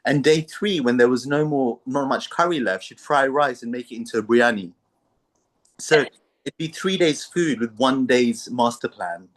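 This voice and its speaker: A man as a podcast guest, telling family stories in conversation in an animated way and laughing often. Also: medium pitch, normal speed. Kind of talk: storytelling in conversation.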